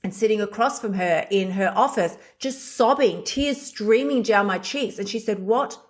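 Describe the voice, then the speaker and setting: A woman's voice: medium pitch, moderate pace. A middle-aged woman hosting a podcast, speaking candidly and bluntly in a confessional solo monologue, swearing freely. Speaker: podcast host.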